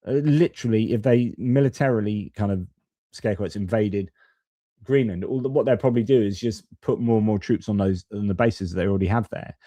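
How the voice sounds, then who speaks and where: A man's voice: on the low side, dark tone, no echo. A man hosting a live-stream commentary, reading out viewer comments and giving rambling, opinionated, self-correcting takes. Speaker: host of a live-stream geopolitics channel.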